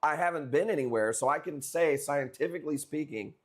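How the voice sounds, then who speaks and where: A man's voice: on the high side, brisk. Casual, profane Chicago-area man. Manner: loose and profane, chatting with viewers while auctioning. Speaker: livestream coral seller. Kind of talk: casual livestream chat.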